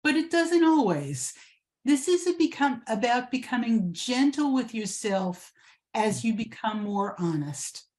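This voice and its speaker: A woman on a webinar panel, giving gentle, reflective spiritual advice. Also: a little high, big pitch swings, measured pace. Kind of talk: spiritual teaching discussion.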